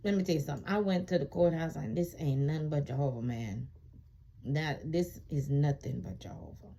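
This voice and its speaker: A woman casually telling a personal story to viewers, emphatic and colloquial, repeating phrases for emphasis and growing animated when she recalls being wronged. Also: low voice, brisk, slight background noise. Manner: animated when reliving indignation. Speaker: vlogger sharing her immigration experience.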